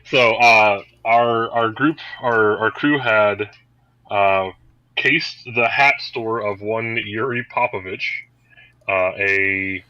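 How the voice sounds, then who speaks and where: A man's voice: fairly low pitch, takes it slowly, sharp tone, no room sound, dull audio. A man running an online tabletop game as game master, talking in a wry, joking way over a computer mic on a voice call.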